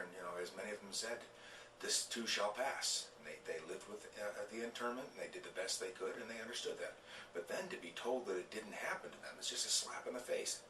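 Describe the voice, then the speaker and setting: A man's voice: low voice, pushed and bright. A middle-aged man giving an earnest, indignant personal monologue. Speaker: commentator. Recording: roomy echo, distant mic, faint noise.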